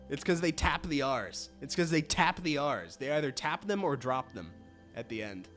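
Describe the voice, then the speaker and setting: A man's voice: a little high, animated, moderate pace, a bit bright, soft background music. A man giving casual, self-deprecating commentary while playing a video game and reading its text aloud. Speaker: let's play host.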